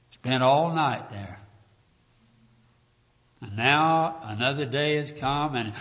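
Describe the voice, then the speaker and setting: A man preaching a sermon with emotion, calling his listeners "dear ones" and swinging from hushed talk to loud cries. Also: on the high side, lively intonation, takes it slowly, pauses often. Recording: dull lo-fi recording, long hall reverb.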